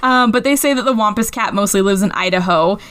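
A young adult woman co-hosting a podcast in casual chat, an animated storyteller who giggles often and swears freely. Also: medium pitch, brisk, a little hiss or hum. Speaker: podcast co-host.

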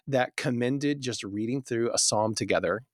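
A man speaking as a podcast guest, his voice sitting in a middle register. He tells stories with animation and earnest warmth, often restarting his sentences. The sound is dry and close, with no room around it. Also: medium pitch, moderate pace, no room sound. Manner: animated storyteller, acts out family scenes. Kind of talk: casual podcast conversation.

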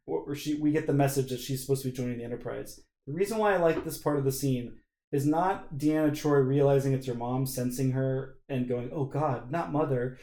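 A man hosting a podcast in casual chat, animated and acting out bits of scenes as he talks. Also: mid-range voice, a little fast. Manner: animated, acts out lines from scenes. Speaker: podcast host. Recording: echoey room.

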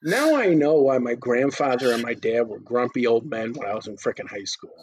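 A man's voice: medium pitch, expressive, brisk, a little mellow, breathy edge. A middle-aged man co-hosting a casual podcast chat, ranting with profanity and exasperation. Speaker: podcast co-host.

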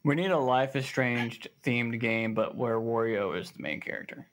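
A man's voice: mid-range voice, moderate pace. A man with a Southern American accent, co-hosting a casual gaming podcast, joking and reading news aloud with fillers. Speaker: podcast co-host.

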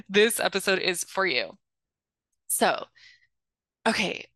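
A woman's voice: medium pitch, wildly swooping pitch, slow pace, bright, forceful tone, no room sound. Candid, chatty young woman podcast host. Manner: chatty and confessional, heavy use of filler "like". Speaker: podcast host and spiritual life coach. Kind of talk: candid solo podcast monologue.

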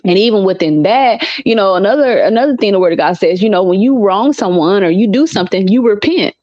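A woman in a casual interview, telling her story in a lively way, breaking into laughs and leaning on scripture like a preacher. Her mid-range voice comes through a dull, lo-fi recording. There is no room sound at all. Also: medium pitch, fast, dry recording. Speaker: interview guest, mother. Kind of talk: casual conversational testimony.

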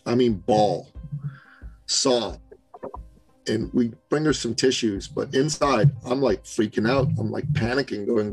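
A Canadian business coach appears as a podcast guest in a storytelling interview, telling an animated story and acting out the voices of the people he quotes. His mid-range voice has a breathy edge and a measured pace, with soft background music and poor audio.

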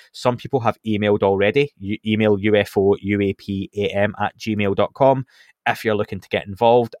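A man with a lowish voice hosts a podcast in an easy, chatty way. He fills pauses with ums and restarts his sentences. The sound is dry and close. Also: no echo. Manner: relaxed, chatty, with frequent fillers and restarts. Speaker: podcast host. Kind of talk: casual podcast chat.

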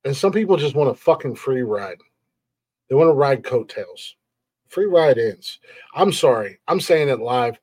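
A man's voice: medium pitch, expressive, unhurried, darkish tone, slightly rough, no room sound. Angry ranting podcast host, man. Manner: heated, profane, repetitive, frustrated. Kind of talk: profane live-stream rant.

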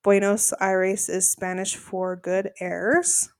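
A woman's voice: mid-range voice, takes it slowly, no echo, studio quality. A woman co-hosting a podcast, chatting casually and recapping episodes. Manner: chatty, acts out quotes in animated voices. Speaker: podcast co-host.

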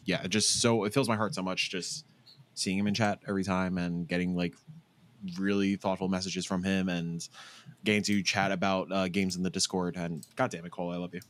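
A young man with a somewhat low voice co-hosts a casual podcast. He rambles in a heartfelt way, and curses freely between his fillers. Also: little pitch movement, brisk, slight background noise. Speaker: podcast co-host. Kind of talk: casual chat.

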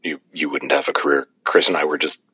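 A man with a very low yet bright voice speaks as a podcast guest. He talks haltingly, restarting phrases while he searches for words, on a dry recording. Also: flat delivery, slightly rough, dry recording. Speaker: podcast guest, comics writer. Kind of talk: casual chat.

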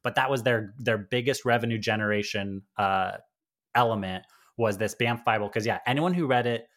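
A man's voice: lowish voice, normal speed, fairly bright tone. A man who founded an agency, speaking as a podcast guest in casual interview talk, conversational with lots of fillers and restarts.

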